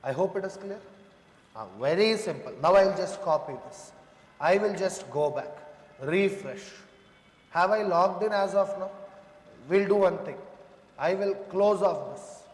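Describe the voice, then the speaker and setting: Brief: high-pitched man teaching coding live, keeps checking if students follow, reverberant classroom sound. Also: measured pace, long pauses. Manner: talks students through code step by step, asking checking questions; addresses students as "sir" and "boss". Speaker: programming instructor. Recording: echoey room with long reverb.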